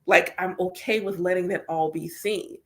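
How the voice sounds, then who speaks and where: A woman's voice: fairly low pitch, steady tone, moderate pace. A woman talking casually and candidly about her spiritual practice as a reader and teacher, with lots of "like" and voiced quotes of her prayers. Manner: candid, chatty, full of filler "like".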